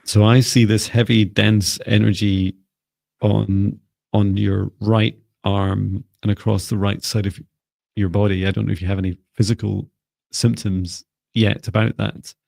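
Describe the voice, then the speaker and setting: A man leads a live psychic reading session, speaking gently and calmly and pausing on frequent ums. His voice sits low and gravelly. The sound is dry and close. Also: no echo. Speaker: psychic mentor, co-host.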